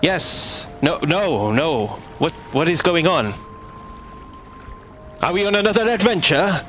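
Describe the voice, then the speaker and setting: A man's voice: a little high, expressive, slow, bright, forceful tone, soft background music, voice pushed up, heavily acted. A man voicing a pair of talking magic rings, eager and playful, in a tabletop game. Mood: cheery.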